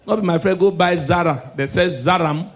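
Male stand-up comic, Nigerian Pidgin accent, high-pitched for a man; hushed sermon-style asides, shouted punchlines. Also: normal speed, slight background noise. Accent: Nigerian Pidgin English. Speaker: stand-up comedian. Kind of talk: stand-up comedy set.

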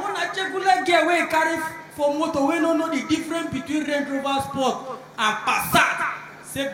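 A man with a Nigerian accent doing live stand-up, telling stories loudly and animatedly. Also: very high voice, brisk, background noise. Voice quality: loud, animated, mixing pidgin. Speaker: stand-up comedian. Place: live comedy stage. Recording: echoey live room with crowd.

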